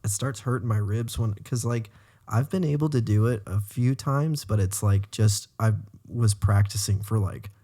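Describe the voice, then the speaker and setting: A man's voice: fairly low pitch, moderate pace, mellow. A man co-hosting a casual podcast, bantering in an easygoing, joking way. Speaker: podcast co-host. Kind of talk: casual chat.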